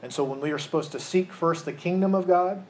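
Pastor preaching, pitched a bit high. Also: male voice, a little fast, slight background noise, rough recording. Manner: asks the room questions, repeats words while restarting. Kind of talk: sermon to a live congregation.

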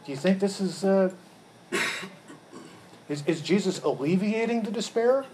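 Male Bible teacher, slightly raised pitch, asks the group questions and circles back over his words. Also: expressive, a little slow, dark tone, a little hiss or hum. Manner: quizzes the group, repeats words when rephrasing. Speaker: Bible study leader.

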